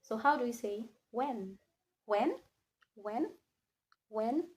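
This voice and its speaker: Woman teacher going slow in a classroom, fairly high voice, says every word over and over, switches english and french. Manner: slow, repeats words many times, mixes English and French. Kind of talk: classroom lesson.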